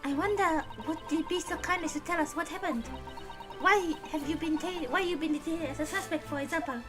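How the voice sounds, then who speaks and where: A woman voicing a polite young female legal assistant in a gentle, courteous tone. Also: very high-pitched, brisk, music in the background.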